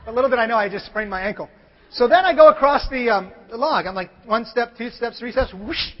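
Man, pastor, animated storytelling sermon, large church hall, dull lo-fi recording. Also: very high-pitched, brisk. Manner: animated, acts out other people's lines, builds to shouts. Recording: long hall reverb, dull lo-fi sound.

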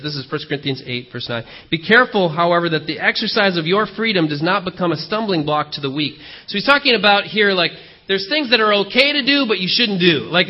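Guy preaching a sermon, fairly high voice, chatty and animated, kinda dull lo-fi church recording. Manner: animated storytelling, conversational with many fillers. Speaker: pastor.

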